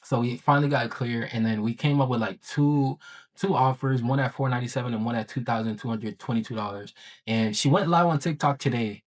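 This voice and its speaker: A man talking in a casual daily vlog about his coaching work, excited and rambling, full of slang and filler words. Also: medium pitch, a little fast. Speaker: online business coach.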